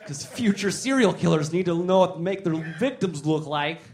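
High-voiced rambling stand-up comedian. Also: male voice, animated, normal speed, darkish tone. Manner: rambling, joking, talks to the crowd. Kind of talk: stand-up comedy with crowd work.

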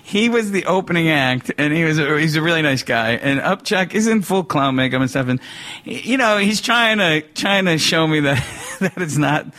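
Man, comedian, rambling story, stop-start, bright tone, a bit high. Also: lively intonation, moderate pace. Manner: stop-start, laughs through lines. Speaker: comedian guest. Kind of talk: rambling anecdote.

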